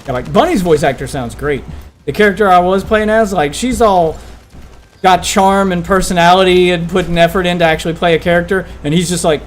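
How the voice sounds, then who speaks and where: An opinionated male streamer talks through a video game and breaks into excited outbursts. His voice sits slightly high, and faint ambient noise runs under it. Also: brisk. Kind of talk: casual gameplay chat.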